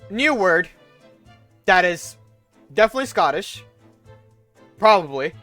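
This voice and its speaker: Man, slightly high voice, excitable game commentary, faint game music behind. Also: moderate pace, no room sound. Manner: excitable, exasperated reactions. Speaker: streamer. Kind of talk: casual gameplay commentary.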